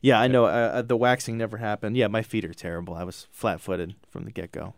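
A man's voice: fairly low pitch, quick pace, creaky. A man chatting as a guest on a podcast, laughing often and telling stories with energy. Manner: laughing, animated storyteller. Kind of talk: casual chat.

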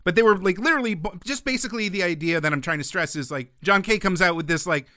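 A podcast co-host talking casually with an opinionated, animated manner. He has a high, bright, forceful voice and jumps in quickly with asides. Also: no echo, studio quality. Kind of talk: casual chat about animation history.

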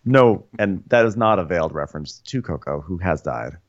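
Man, podcast co-host, deadpan jokes, lively pitch, dull lo-fi recording. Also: normal speed. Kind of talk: comedic recap chat.

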